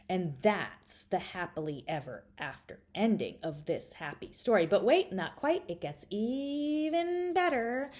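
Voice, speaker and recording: A woman's voice: mid-range voice, a little mellow. A woman reading her own children's story aloud, playfully speaking straight to the listener and dropping to whispers.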